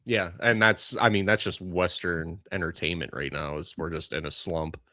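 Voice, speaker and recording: A man's voice: deep voice, steady tone, moderate pace, bright, forceful tone, dry recording, clean studio sound. A young man co-hosting a podcast, chatting casually, ranting and going off on tangents. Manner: rambling, ranting, goes off on tangents. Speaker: podcast co-host. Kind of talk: casual chat.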